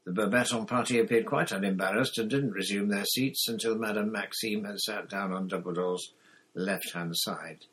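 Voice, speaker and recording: A man narrating a storybook chapter in a measured, deliberate reading. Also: fairly low pitch, steady tone, fairly bright tone, poor audio. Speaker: audiobook narrator. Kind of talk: scripted narration.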